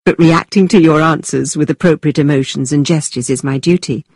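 A woman voicing a witty young gentleman who speaks in a mock-formal, teasing manner, in a storybook reading. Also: deep voice, brisk, breathy edge, no echo. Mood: playful, theatrical.

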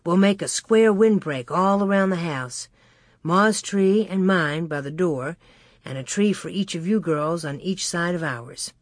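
A woman voicing a calm, firm pioneer father in a storybook reading, dropping her voice low and keeping it plain and reassuring. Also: measured pace, no echo, clean studio sound. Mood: gentle.

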